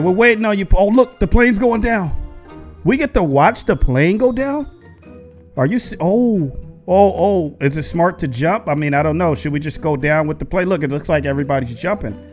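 An excitable man commentates his gameplay in a high, bright-pitched voice, talking straight to his viewers. Soft game music plays faintly underneath. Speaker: gaming video host.

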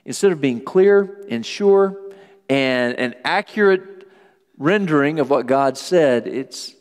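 A man preaching a sermon as pastor, lively and acting out quoted voices. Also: fairly high pitch, in a large hall. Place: church sanctuary.

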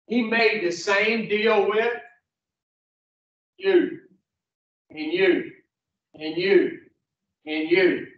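A man's voice: high voice, takes it slowly, long pauses. A man teaching a recovery program class in a blunt, profane, joking way, telling folksy stories. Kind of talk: folksy storytelling lesson. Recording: distant, roomy, muffled.

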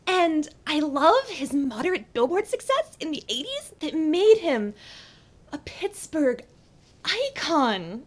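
A woman with a Western Pennsylvania accent acting a lovesick dating-video maker, halting and then gushing in a comedy sketch. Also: big pitch swings. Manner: swings from halting to gushing, high and emotional. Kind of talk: deadpan comedy sketch monologue.

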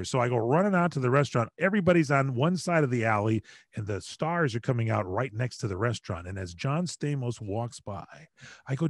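Middle-aged male broadcaster, animated storyteller, medium pitch, dry video-call audio. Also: dry recording. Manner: lively, chatty, quick to joke. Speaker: radio broadcaster, guest.

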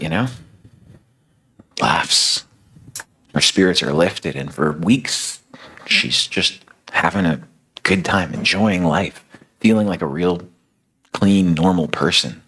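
Male preacher, very low gravelly voice, husky, casual storytelling sermon. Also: bright, forceful tone. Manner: conversational, dramatic retelling with casual fillers.

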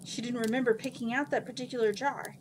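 A woman reading a fantasy novel aloud in a steady, unhurried voice. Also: on the high side, slight background noise. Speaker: reader.

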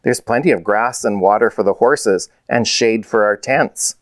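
A man reading a storybook aloud and voicing a calm, practical father. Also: lowish voice, moderate pace, no room sound, clean studio sound, natural voice. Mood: steady.

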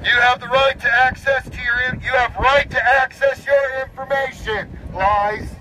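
A man's voice: extremely high pitch, steady tone, a little slow, noisy background. A man giving an impassioned speech at an outdoor protest, reading rules aloud and then bluntly rebutting each one. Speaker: protest speaker, parent.

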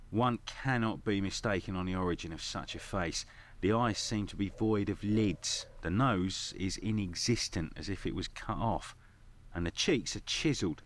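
A man voices a grave Victorian doctor in a video game, with a fairly low voice and a lecturing manner. His tone stays sober throughout. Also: close to an everyday voice.

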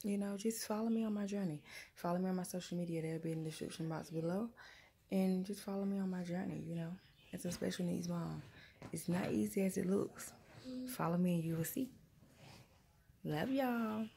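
A woman's voice: fairly low pitch, brisk, creaky, warm tone. A mother, chatting casually to her viewers in a vlog and calling them y'all. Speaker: vlogger, mother. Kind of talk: casual vlog talk to camera. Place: in a car, then at home. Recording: noisy car and street background.

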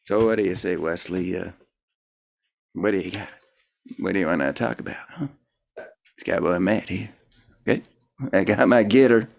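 A man's voice: low-pitched, moderate pace, creaky, pauses often. A man voicing a laid-back male cowboy character, with a folksy, drawling manner.

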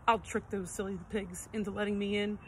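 A woman's voice: mid-range voice, level tone, a little fast, a little hiss or hum, lightly acted, poor audio. A woman voicing a hungry, hot-tempered big bad wolf in a storybook reading, drawing out her threats. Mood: menacing.

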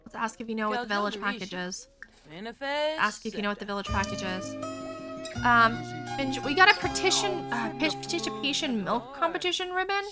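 A woman hosting a gaming video, talking through her play in a chatty, excitable way as she thinks aloud to viewers. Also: fairly high pitch, a little fast, loud music behind the voice. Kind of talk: casual let's-play commentary.

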